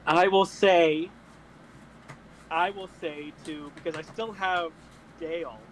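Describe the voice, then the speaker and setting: A man playing a tabletop game, voicing his character with sudden loud high shouts. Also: steady tone, takes it slowly, a little hiss or hum, poor audio. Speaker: player.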